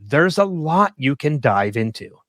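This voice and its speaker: A man's voice: on the high side, sing-song, measured pace, fairly bright tone, dry recording. A man co-hosting a casual podcast discussion, rambling with lots of fillers and laughing often. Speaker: podcast co-host.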